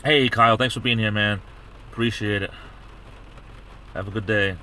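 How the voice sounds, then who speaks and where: A man's voice: fairly low pitch, fairly even intonation, normal speed, bright, forceful tone, slight background noise. A middle-aged man hosting a livestream, chatting casually in a rambling way with many restarts. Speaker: livestream host. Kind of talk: casual chat.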